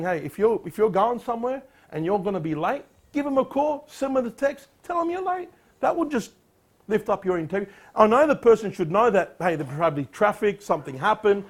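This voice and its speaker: A man preaching a sermon, reading scripture aloud in a declamatory voice and urging his listeners with sharp, rising emphasis. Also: high-pitched, slightly rough. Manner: reads scripture in a louder, declamatory voice. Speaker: pastor.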